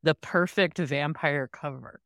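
A woman's voice: deep voice, measured pace, fairly bright tone, dry recording, studio quality. A woman on a podcast telling stories in casual chat, laughing easily.

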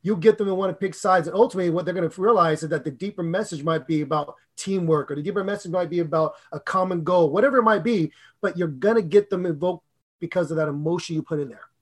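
A middle-aged man co-hosting a podcast on public speaking, talking in an excitable, animated way with big jumps in pitch and loudness. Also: quick pace. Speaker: podcast co-host and speaking coach.

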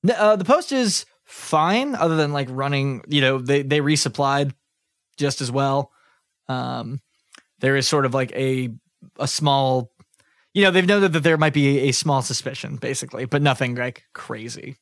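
A man's voice: medium pitch, normal speed, dry recording, clean studio sound. A man running a tabletop game as game master, narrating in a rambling way with lots of fillers. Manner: rambling, full of fillers and restarts.

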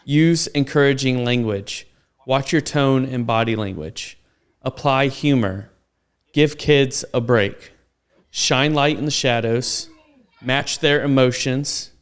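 A man hosting a podcast interview, introducing the guest and reading out a list at a brisk clip. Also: mid-range voice, clean tone. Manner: brisk, reads lists quickly. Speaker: podcast host.

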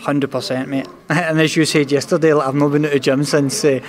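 A young man with a thick Glasgow accent speaks as a boxer in an interview, earnest and open. His words tumble out at a rapid clip in a fairly level, even tone, and he tags nearly every line with "mate" and "know what I mean". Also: a little high. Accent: Scottish, Glasgow. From Scotland. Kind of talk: candid interview talk.

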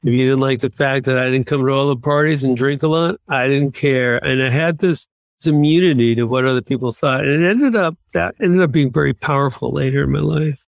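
A man in his sixties from Massachusetts, a guest on an interview podcast, telling lively self-deprecating anecdotes. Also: medium pitch, brisk, vocal fry, no echo, studio quality. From Massachusetts, USA. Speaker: podcast guest, former submarine commander. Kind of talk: conversational interview storytelling.

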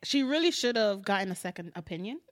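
A woman gives blunt takes on a TV drama in casual chat, at a middle pitch. Her voice sounds close and dry, with no room around it. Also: animated, no room sound. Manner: opinionated, quick to judge the characters. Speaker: co-host recapping a TV show.

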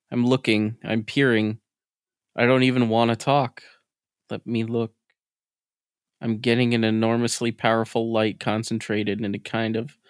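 A man reading the part of a distressed man recalling a UFO encounter under hypnosis, in a halting, hushed first-person voice. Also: medium pitch, clean tone, dry recording, studio quality, lightly acted.

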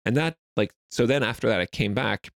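A man's voice: mid-range voice, brisk, creaky, no room sound, studio quality. A young Swedish man telling stories in a casual interview, rambling with lots of fillers. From Sweden. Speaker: guest.

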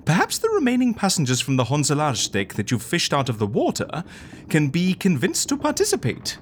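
A pompous, genteel gentleman. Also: a little high, wildly swooping pitch, a little fast, slight background noise. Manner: pompous, genteel, murmurs while eating. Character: fussy, refined gentleman plotting with pirates. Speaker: interviewer.

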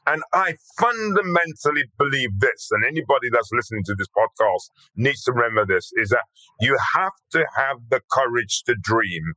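A man's voice: medium pitch, lively intonation, normal speed, pushed and bright, no echo, rough recording. An older man from Birmingham, a podcast guest telling his life story in a blunt, earthy, emphatic way with casual swearing. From Birmingham, England. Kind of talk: storytelling interview talk.

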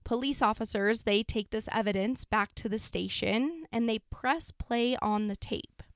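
A woman's voice: on the high side, unhurried, no echo, studio quality. A woman hosting a podcast, recounting a true crime case in a casual, sombre way with many fillers like "like" and "you know". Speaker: podcast host.

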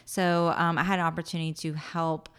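A woman in her late thirties, a guest in an interview, telling a personal story in a casual, animated way and acting out her own thoughts. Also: sits low, a little fast, clear, resonant tone. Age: late 30s.

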